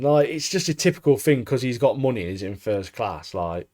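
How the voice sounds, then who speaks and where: A young English man co-hosting a casual podcast chat, animated and swearing freely, laughing at his own jokes and saying "mate" constantly. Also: mid-range voice, brisk. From England. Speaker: podcast co-host.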